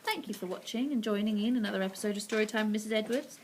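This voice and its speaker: A woman teacher reading a children's story aloud, expressive and animated. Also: mid-range voice, very fast, background noise.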